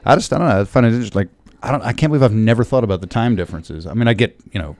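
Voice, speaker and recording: Man, podcast co-host, fast talker, dark mellow voice, dry close sound. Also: on the low side, no echo. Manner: quick and joking, interjecting. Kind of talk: casual chat.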